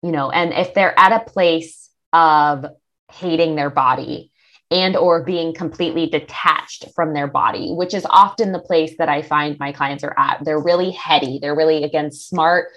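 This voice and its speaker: Animated woman coach talking casually. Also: low voice, normal speed, lo-fi sound. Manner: animated, acts out quoted thoughts. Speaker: body image coach, guest. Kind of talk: casual interview chat.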